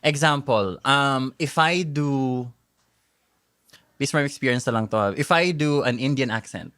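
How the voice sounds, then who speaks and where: A man's voice: medium pitch, unhurried, fairly bright tone, clear, resonant tone, no room sound. Thoughtful Filipino man, dry close sound. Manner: thoughtful, explains with hesitations. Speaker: guest, comedy content creator. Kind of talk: casual chat.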